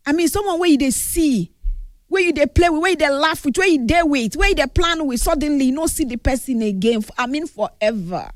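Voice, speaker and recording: A woman's voice: high voice, expressive, a little fast, dry recording, clean studio sound. Grieving Nigerian woman, earnest tribute. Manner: earnest, mixes English with Pidgin. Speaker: grieving friend giving a tribute. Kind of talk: emotional spoken tribute.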